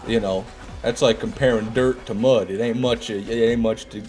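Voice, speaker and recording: A man's voice: medium pitch, fairly even intonation, moderate pace, a little mellow. Man, live-stream banter, sarcastic, joking, faint music behind. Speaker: streamer reading chat. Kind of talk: casual live-stream commentary.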